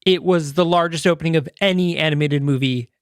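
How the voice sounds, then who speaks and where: A man's voice: fairly high pitch, brisk, clear, resonant tone, no echo, studio quality. A man co-hosting a podcast in casual chat, rambling with fillers and restarts. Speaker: podcast co-host.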